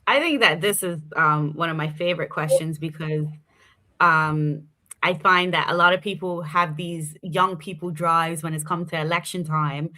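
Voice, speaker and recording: A woman's voice: sits low, moderate pace, pushed and bright. A woman with a Bermudian accent, talking casually as an interview guest, chatty with many fillers. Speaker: guest politician.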